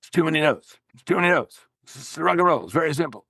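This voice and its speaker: A rock guitarist speaks plainly and firmly, cutting things short, quoted by an older man. The voice sits a little high and sounds dry and close. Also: lively intonation, fast talker, gravelly, fairly bright tone, no room sound, full character voice. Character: blunt male rock guitarist, firm and laid-back.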